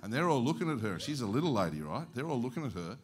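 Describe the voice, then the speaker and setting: A man's voice: mid-range voice, fast talker. A man preaching with an Australian accent, telling a story in a sermon and acting out its dialogue. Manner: animated, acts out the dialogue of his story. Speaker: evangelist preacher. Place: church service.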